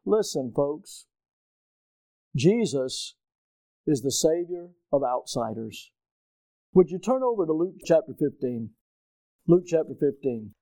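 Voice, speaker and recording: Emphatic preacher with a mellow tone. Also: male voice, fairly high pitch, very animated, slow, long pauses, dry recording. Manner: emphatic, asks the congregation questions, surges loud on key points. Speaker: pastor. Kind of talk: preaching a sermon.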